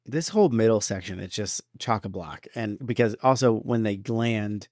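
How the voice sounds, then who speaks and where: A man co-hosting a film podcast in casual chat, animated and quick to act out lines. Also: fairly low pitch, dry recording, studio quality. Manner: animated, quotes film lines in big voices. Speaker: podcast co-host.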